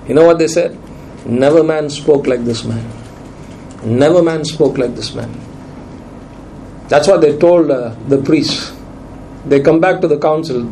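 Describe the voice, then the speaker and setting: A man's voice: on the high side, warm tone, slight background noise, low-quality recording. A man preaching a sermon, emphatic and repeating his key lines for weight.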